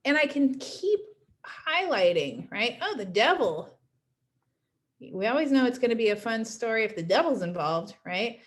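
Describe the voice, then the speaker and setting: This woman speaks on the high side, very animated and at a moderate pace. In a casual recorded lecture she teaches her class chattily, frequently checking in with a "right?"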